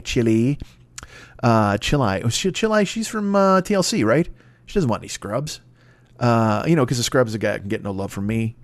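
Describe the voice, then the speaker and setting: A man's voice: medium pitch, no echo. A man in his forties hosting a solo comedy podcast, rambling through profane, self-mocking tangents. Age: 40s. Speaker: podcast host.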